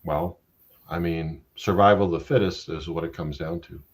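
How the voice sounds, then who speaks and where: A man's voice: sits low, fairly even intonation, normal speed. A middle-aged man hosting a casual live-stream chat, blunt and profane, joking around. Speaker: host.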